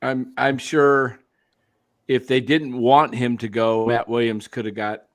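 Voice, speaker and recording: A man with a middle-pitched, ordinary voice hosts a casual sports talk show. He sounds easygoing and keeps turning to his panel to ask their views. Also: flat delivery, unhurried. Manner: easygoing, asks the panel questions.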